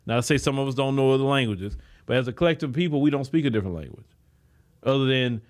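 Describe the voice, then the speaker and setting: An American man with an African American English accent, hosting a podcast and delivering an emphatic, preachy commentary monologue that is full of repeated words and restarts. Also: fast. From United States. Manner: animated, swinging from raised to low, quiet asides. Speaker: podcast host.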